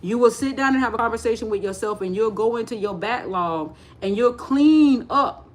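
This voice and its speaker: At a moderate pace, a middle-aged woman with a high, lively voice hosts a casual spiritual livestream. She repeats phrases and acts out the voices of anyone she quotes.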